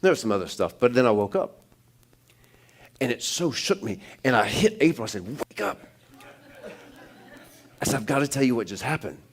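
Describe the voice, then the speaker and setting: A man's voice: mid-range voice, big pitch swings, fast. Man preaching a sermon. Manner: conversational storytelling with many restarts and fillers; builds to loud emphatic preaching. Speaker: pastor.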